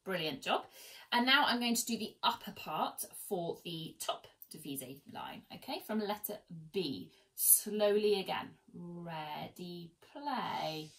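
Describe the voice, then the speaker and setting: A woman's voice: fairly low pitch, lively intonation, slow, fairly bright tone, poor audio. A woman teaching an online violin lesson from home, chatty and encouraging as she counts students in. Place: at home, seated. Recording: faint violin in background. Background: violin playing.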